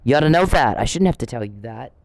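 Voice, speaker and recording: A woman's voice: rumbling low, expressive, fast, a little mellow, rough recording. A woman hosting her own channel, delivering an angry, profane, accusatory rant straight at the person she blames, hammering the same insults again and again. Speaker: channel host. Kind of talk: angry direct-address rant.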